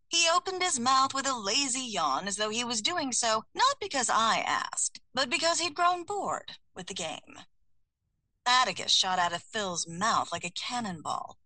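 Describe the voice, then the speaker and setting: Bright, lively woman narrating. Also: a little high, no room sound, rough recording. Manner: lively, expressive, comic timing. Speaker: audiobook narrator. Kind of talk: first-person audiobook narration.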